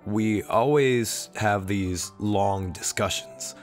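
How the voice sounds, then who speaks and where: A young man talks in a sick, wheezy voice that sits fairly low. He rambles through a personal vlog with a self-deprecating manner. Faint background music plays under him. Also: slow. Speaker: channel host.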